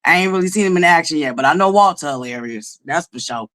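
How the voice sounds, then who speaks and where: Bright-voiced woman hosting a chat show. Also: deep voice, lively intonation, quick pace. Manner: hypes audience with shout-outs. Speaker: host. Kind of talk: casual chat.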